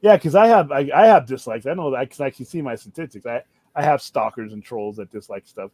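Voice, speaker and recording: A man hosting a casual stream chat, rambling and animated, swearing freely as he talks. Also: medium pitch, quick pace, dry recording. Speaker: show host.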